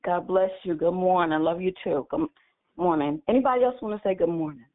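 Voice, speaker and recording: A woman's voice: lowish voice, lively intonation. Woman hosting a prayer call by phone. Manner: warm, quick to bless callers. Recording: phone line.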